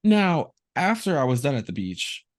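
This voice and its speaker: A man's voice: medium pitch, normal speed. A man hosting a casual podcast, telling a story and acting out the quotes in it. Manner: animated storyteller, acts out quotes. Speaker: podcast host.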